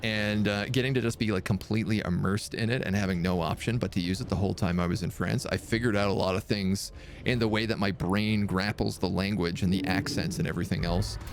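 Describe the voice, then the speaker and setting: Low, gravelly-voiced man streaming a game. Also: fairly even intonation, brisk, background noise. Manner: chatty, rambling, laughs often. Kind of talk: live gameplay commentary and storytelling.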